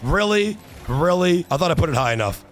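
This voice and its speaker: Excitable young man trash-talking over gameplay. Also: a little high, fairly quick, soft background music. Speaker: streamer. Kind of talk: live gameplay commentary.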